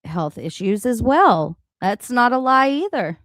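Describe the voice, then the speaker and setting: A woman hosting a reaction livestream, talking in a blunt, animated and profane way about the clips she plays. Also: a little high, unhurried, background noise. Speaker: livestream host. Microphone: home streaming mic.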